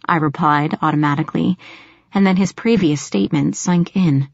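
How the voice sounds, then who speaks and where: Woman reading an audiobook in first person, steady, dry muffled audio. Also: low voice, moderate pace, vocal fry, no echo. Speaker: audiobook narrator. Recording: dull lo-fi audio.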